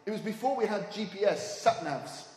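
A visiting preacher delivers a sermon in a church hall, telling stories quietly before raising his voice to urge the congregation on. His voice is high-pitched with lively intonation at a normal speed, swinging from hushed storytelling to raised exhortation. The hall is echoey and the mic sits at a distance.

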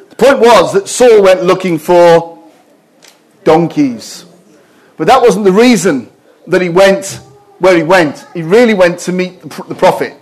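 A middle-aged man preaching a sermon to a congregation, telling stories playfully and firing questions at the audience. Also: fairly high pitch. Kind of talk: sermon with storytelling.

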